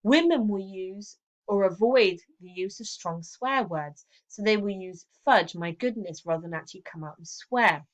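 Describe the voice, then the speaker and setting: A woman's voice: mid-range voice, expressive, normal speed, dull audio. Woman teaching a recorded revision lesson. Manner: explanatory, checks in with frequent "okay" and "um". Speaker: English teacher.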